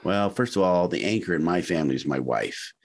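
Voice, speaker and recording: Animated nasal-voiced man. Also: sits low, fairly quick. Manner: animated, acts out quotes in shifting voices. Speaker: actor guest. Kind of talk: casual interview chat.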